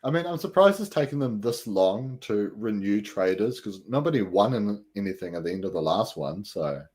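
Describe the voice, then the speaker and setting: Male host, lowish voice, chatty and rambling, lots of "you know". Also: lively intonation, normal speed, a little mellow, husky. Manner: upbeat, rambling with many fillers. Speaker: podcast host. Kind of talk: casual chat.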